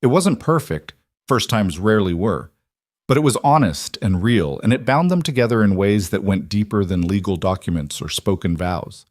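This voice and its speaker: A man narrating a scripted story in a measured, gentle way. His voice is on the low side, recorded close and dry with no room sound. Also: lively intonation, no room sound.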